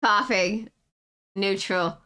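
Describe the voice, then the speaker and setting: Casting: giggly woman streamer, bright, smooth voice, casual live chat. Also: mid-range voice, very slow. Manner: giggly, laughs often.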